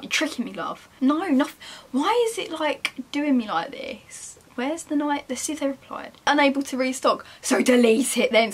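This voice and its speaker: A woman's voice: high voice, fairly bright tone. Chatty young woman vlogger. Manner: chatty, self-mocking, talks to herself while browsing. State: chilly, wrapped in a jacket. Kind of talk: casual shopping vlog chat.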